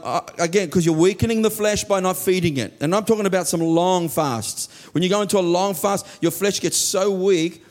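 Here a man preaches earnestly, his voice frequently sinking to a soft, low register as he offers heartfelt prayers out loud.

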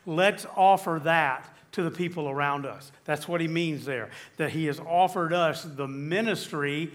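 A man with a bright, fairly high voice preaches a sermon. He reads verses aloud and keeps asking his listeners questions as he teaches. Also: moderate pace. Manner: teaching with scripture, asks the audience questions. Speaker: pastor.

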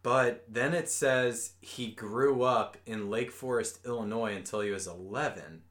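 A man's voice: mid-range voice, unhurried, fairly bright tone. A man in his thirties co-hosting a podcast in casual chat, joking and swearing freely. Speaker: podcast co-host.

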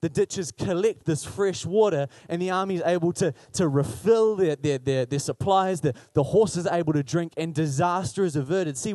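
Preacher, male, fairly high voice, chatty sermon, dry close sound. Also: a little mellow, no echo. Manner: conversational, humorous preaching.

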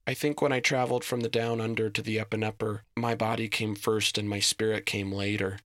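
A man's voice: lowish voice, flat delivery, a little fast, a bit bright, no echo, studio quality, natural voice. A man voicing a timid, polite, friendly male goblin who talks nervously and apologetically. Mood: earnest.

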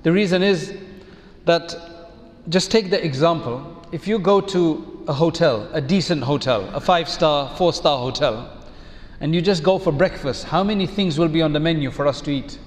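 A man giving a measured, reflective sermon as an Islamic preacher, using rhetorical questions. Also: a little high, in a large hall.

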